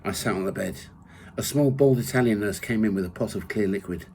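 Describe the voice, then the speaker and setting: A man reading from his own memoir in the first person, measured and steady. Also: on the low side, slight background noise, rough recording. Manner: measured reading, rising loud for quoted shouts.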